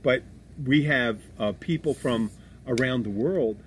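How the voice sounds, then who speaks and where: A man's voice: medium pitch, measured pace. Rambling profane bartender man. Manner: rambling, profane, restarts a lot. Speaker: podcast host, bartender. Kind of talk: casual podcast chat. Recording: faint background noise.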